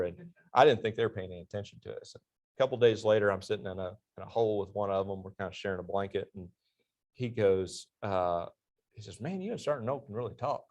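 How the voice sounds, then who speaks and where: A middle-aged man, an army veteran and interview guest, telling stories animatedly and laughing at his own punchlines. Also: on the low side. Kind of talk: storytelling in a church class interview.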